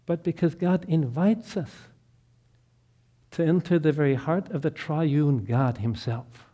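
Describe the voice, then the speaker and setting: A man's voice: fairly high pitch, measured pace. Impassioned preacher man telling a story. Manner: builds to loud impassioned peaks, then drops soft. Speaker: pastor. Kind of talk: sermon storytelling.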